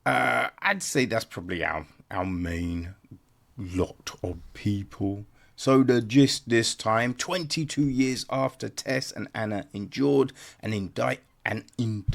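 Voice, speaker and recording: A man's voice: on the low side, slow, gravelly. A man giving a casual, rambling film review on a podcast, blunt and swearing, tagging his points with "right?". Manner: rambling, blunt, swears, many tag questions.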